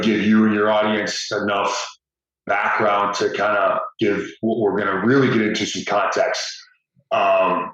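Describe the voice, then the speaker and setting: A man speaking as a podcast guest in a fairly low voice, plain and understated. He sits back from the mic in a very echoey room. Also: a bit bright, distant mic, highs cut off. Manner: matter-of-fact, understated. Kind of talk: interview storytelling.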